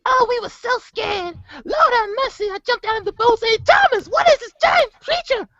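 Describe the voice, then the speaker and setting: A man putting on a falsetto to play a timid, frightened old wife. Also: animated, normal speed, pushed and bright, no room sound, full character voice. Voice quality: shrill falsetto. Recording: dull lo-fi podcast audio.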